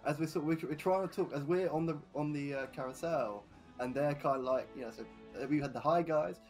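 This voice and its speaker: A man taking part as a player in a tabletop game, talking casually with halting restarts. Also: on the high side, steady tone, darkish tone, faint music behind.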